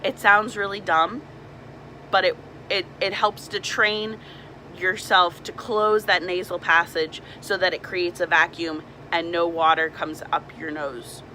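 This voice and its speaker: A woman's voice: lowish voice, steady tone, unhurried, pushed and bright, a little hiss or hum, low-quality recording. A young woman, a mermaid performer, casually explaining swim tips and demonstrating nasal sounds.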